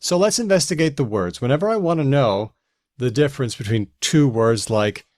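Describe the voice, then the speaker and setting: A man's voice: medium pitch, expressive, normal speed, a little mellow, no room sound. A man co-hosts a casual talk show, walking his co-hosts through how words get used. His voice sits in an ordinary middle range, and the recording is dry and close, with no room sound. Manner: explanatory, leading the discussion. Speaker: podcast co-host. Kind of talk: casual chat.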